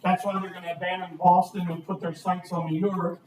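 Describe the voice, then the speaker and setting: A man with a high voice teaches a history class at a fairly quick pace, lecturing energetically and quizzing his students. The classroom recording sounds roomy and distant, with a little hiss or hum.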